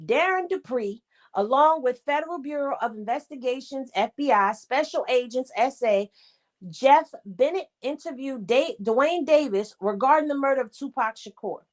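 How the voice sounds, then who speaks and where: A woman co-hosting a casual chat, reading documents aloud and breaking off for quick asides. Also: high voice. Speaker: co-host.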